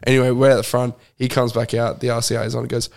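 A man co-hosts a casual podcast chat. He tells a long, rambling story packed with swearing and fillers. His voice sits at an ordinary middle pitch. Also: flat delivery, very fast, vocal fry, a little mellow. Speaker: podcast co-host.

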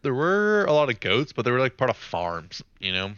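A man's voice: medium pitch, sing-song, moderate pace, fairly bright tone, clear, resonant tone, no echo. A young man co-hosting a podcast, rambling through casual chat with lots of fillers. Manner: rambling, hesitant with many fillers. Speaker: podcast co-host. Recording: dull lo-fi mic, dry.

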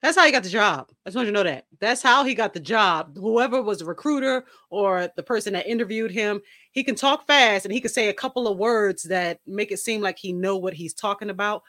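A woman's voice: medium pitch, brisk, pushed and bright, dry recording, studio quality. A woman hosting a casual podcast chat, dropping short interjections and sassy teasing remarks. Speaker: podcast host.

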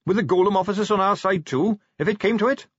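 A man's voice: sits high, fast, breathy edge, no room sound, voice pushed up. A man voicing an earnest, eager young watch captain. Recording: dull dry audiobook recording.

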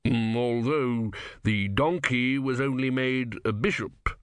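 A man's voice: mid-range voice, slow pace, a bit bright, clean tone, no room sound, clean studio sound. A man voicing a doubtful male bishop who speaks hesitantly with "mm" sounds.

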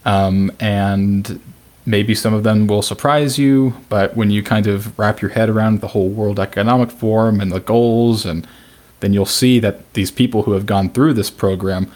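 A man co-hosting a podcast, talking in a relaxed, chatty way. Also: fairly low pitch, moderate pace. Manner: relaxed, chatty, laughs along. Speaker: podcast co-host. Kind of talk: casual podcast discussion.

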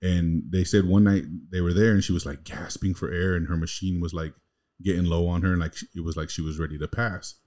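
A man's voice: sits low, steady tone, brisk, dark tone. A man co-hosting a podcast, telling a long family story in a rambling, slangy, casual way. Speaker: podcast co-host.

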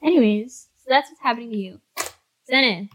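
A woman's voice: a little high, brisk, slight background noise, low-quality recording. A woman narrating as game master of a tabletop game, giggly and rambling with lots of "like".

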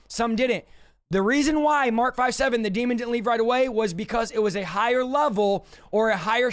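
A man preaching on a livestream, emphatic and confrontational, repeating his points for force. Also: very high-pitched. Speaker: deliverance preacher. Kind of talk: livestream teaching.

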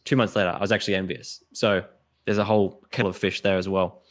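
A man with an Australian accent talks on a podcast, and his voice sits a little low. He tells his stories with animation and jumps into the voices of the people in them. His talk is loose and full of restarts, as if he is thinking out loud. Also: quick pace. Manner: animated storyteller, acts out both sides of exchanges. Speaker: podcast guest. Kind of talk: casual podcast conversation.

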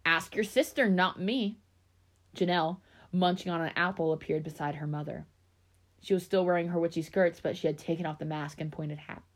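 A woman's voice: deep voice, level tone, fairly quick, darkish tone. A woman reading a spooky children's story aloud, with small slips and restarts. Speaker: reader of scary stories.

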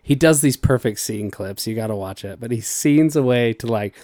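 A man's voice: mid-range voice, normal speed, a little mellow, no room sound, clean studio sound. A man hosting a casual podcast chat, rambling and laughing as he retells scenes. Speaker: podcast host.

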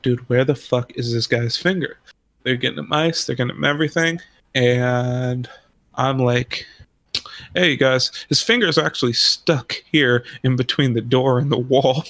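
Slow, rambling, profane man telling a story. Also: medium pitch, a bit bright, no room sound. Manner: rambling, profane, laughs through his story. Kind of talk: casual storytelling chat.

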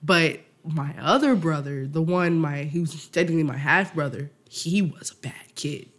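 A man's voice: fairly high pitch, moderate pace. A man co-hosting a podcast in casual chat, telling stories with lots of laughter, acting out quotes and swearing freely. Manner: animated storytelling, laughs often, acts out quotes, swears freely. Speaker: podcast co-host.

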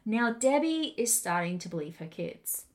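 Podcast lady narrating a creepy tale, chatty and lively, wry little asides. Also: on the high side. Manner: casual and animated, with quick asides. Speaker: podcast co-host. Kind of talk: storytelling a ghost story.

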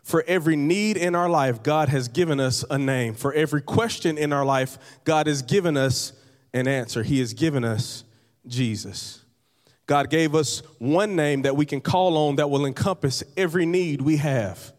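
A man's voice: on the high side, moderate pace. A man pastor preaching a sermon to his congregation, conversational, with repeated phrases and light humor. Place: church hall. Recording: long reverb of a large hall.

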